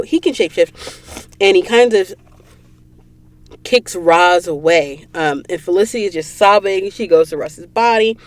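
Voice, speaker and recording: A woman's voice: lowish voice, no room sound. A woman hosting a podcast, retelling a book's plot in a chatty way with lots of "like" and "um". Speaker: podcast host. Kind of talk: casual book plot recap. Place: recording booth.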